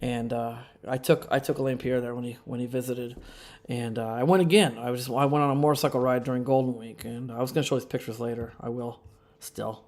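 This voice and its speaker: A man's voice: medium pitch, fairly even intonation, a little fast, darkish tone. A man hosting a casual live stream, rambling with sarcastic asides and frequent chuckles. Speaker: livestream host.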